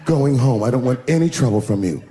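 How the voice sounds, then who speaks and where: A sultry, coy woman speaks smoothly and a little loudly, as a male comedian puts her on. The voice rings through a live hall with long reverb. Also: mid-range voice, expressive, a little fast, slight background noise, lightly acted.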